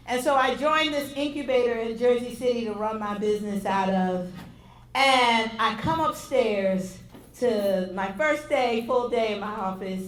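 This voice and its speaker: An effusive woman emcee with a high, bright voice introduces a speaker. She exclaims and gushes as she talks. The sound rings around an echoey hall. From United States. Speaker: event host.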